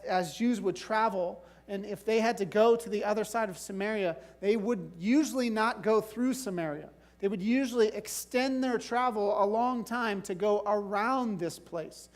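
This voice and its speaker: A male pastor preaching a sermon in a casual, conversational way, often checking in with "right?" and "like". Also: high-pitched.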